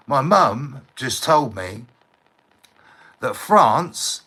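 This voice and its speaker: A man's voice: mid-range voice, bright, forceful tone, poor audio. A middle-aged man talking on a live stream, in a heated rant that is full of swearing, repeated words and asks for agreement. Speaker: livestreamer. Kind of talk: ranting live stream monologue.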